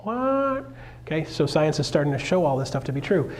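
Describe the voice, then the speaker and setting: Energetic male realtor and seminar speaker, slightly high voice, playful with loud bursts. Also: fast talker. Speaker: realtor giving a seminar talk. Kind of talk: live motivational seminar talk. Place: stage in front of a live audience.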